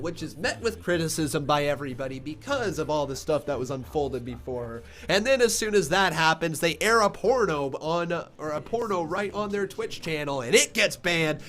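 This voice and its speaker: A man streaming live, chatting with viewers and reacting loudly to wrestling as it happens. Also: on the high side. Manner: loud excitable shouting calls; chatty, reads viewer comments.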